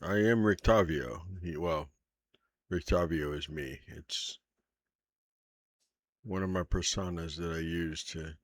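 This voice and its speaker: A man voicing a secretive middle-aged male monster hunter in disguise, who speaks in a slow, flirtatious, probing way. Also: deep voice, no echo, studio quality. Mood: earnest probing.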